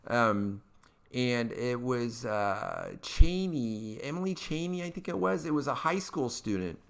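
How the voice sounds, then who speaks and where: Chatty Kentucky man with a smooth voice. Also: mid-range voice, expressive, unhurried, fairly bright tone. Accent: Eastern Kentucky. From Eastern Kentucky. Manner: chatty, folksy, upbeat, rambling with fillers. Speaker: podcast host. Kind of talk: casual political commentary.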